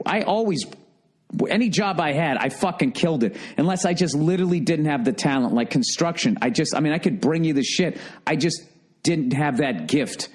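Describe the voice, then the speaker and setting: Profane ranting man. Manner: profane ranting, swinging from shouted outbursts to low grumbling. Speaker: podcast host. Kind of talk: solo comedy podcast rant.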